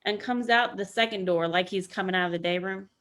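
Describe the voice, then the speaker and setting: A woman veteran telling a story on a podcast in a casual, animated way, swearing freely. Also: medium pitch, fairly quick. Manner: animated, acts out quoted voices, swears freely. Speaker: military veteran guest.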